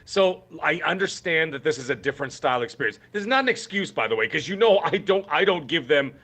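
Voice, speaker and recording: Podcast guy going on and on, bright voice, a bit high, lots of restarts. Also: animated, fast. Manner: emphatic, rambling, with many restarts. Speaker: podcast co-host. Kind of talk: casual podcast chat.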